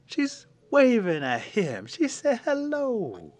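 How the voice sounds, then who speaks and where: A man's voice: very high-pitched, wildly swooping pitch, takes it slowly, a little mellow, voice pushed up, heavily acted. A man voicing a group of baffled young male warriors in a spoken folk tale, eager and exclaiming.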